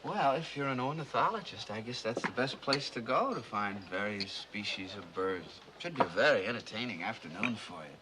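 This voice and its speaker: An actor playing a wry, teasing young reporter in a 1950s film. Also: male voice, fairly low pitch, lively intonation, normal speed, hardly any pauses, very noisy, lightly acted. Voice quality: teasing, sardonic.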